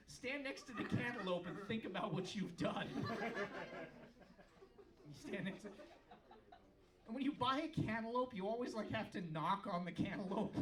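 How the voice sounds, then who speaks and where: Male stand-up comic, high-pitched, sarcastic riffing; live club recording, mic at a distance. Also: a little slow, long pauses. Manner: sarcastic, deadpan riffing with sudden loud outbursts. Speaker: stand-up comedian. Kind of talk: stand-up comedy set. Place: comedy club stage before a laughing crowd. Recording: live club recording, crowd laughter, from far off.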